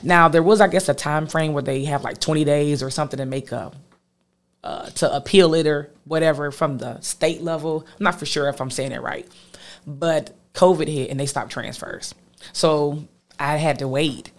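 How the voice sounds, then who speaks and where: A woman, a guest telling a personal story in an animated way, acting out what others said. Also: sits low, moderate pace. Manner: animated, quotes others with lively voices.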